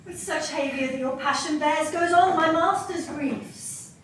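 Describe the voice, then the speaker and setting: Viola, a disguised young page. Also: female voice, high-pitched, a little slow, a bit bright, slight background noise. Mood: earnest. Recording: echoey barn, voice from far off.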